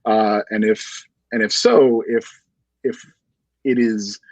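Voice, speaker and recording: A man interviewing an author in a livestreamed bookshop conversation, asking a long-winded, halting question. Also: lowish voice, steady tone, darkish tone, no echo, poor audio.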